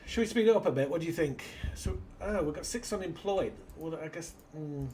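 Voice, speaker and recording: A man's voice: a little high, lively intonation, a little fast, mellow, a little hiss or hum. A British man hosting a casual let's-play, rambling through an anecdote and muttering to himself as he plays. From Britain. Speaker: gaming channel host.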